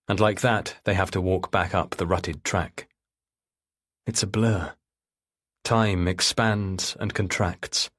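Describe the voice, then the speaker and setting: A man narrating a mystery thriller audiobook in third person with a measured, grave delivery. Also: sits low, a bit bright, slightly rough.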